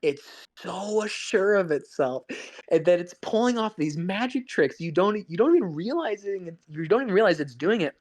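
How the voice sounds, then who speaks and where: An expressive, high voice with a darkish tone belongs to this podcast co-host, who talks at normal speed. He rambles enthusiastically about a film, cursing often and frequently starting over.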